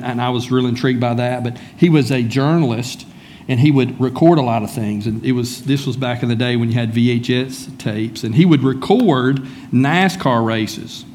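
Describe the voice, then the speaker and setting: A man's voice: medium pitch, a little mellow, a little hiss or hum. A man preaching a sermon in a church, speaking conversationally and calling on listeners by name. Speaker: pastor.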